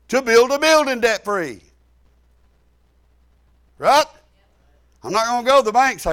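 A pastor delivers his sermon in a very high voice. His folksy talk jumps from loud, shouted lines to quiet asides. The tone is bright and forceful. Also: very animated, normal speed, pauses often. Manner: folksy, rising to shouts then dropping low.

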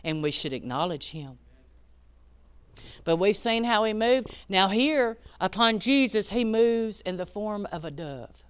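A woman preaching a sermon, rising to loud emphatic peaks and dropping to hushed asides. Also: mid-range voice, expressive, measured pace, clear, resonant tone.

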